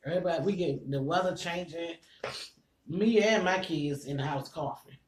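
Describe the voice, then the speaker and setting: A man with nasal congestion eats at home on his food vlog, chatting to viewers he addresses as y'all and breathing a bit heavily between bites. His slightly high voice moves at a normal speed in an echoey room.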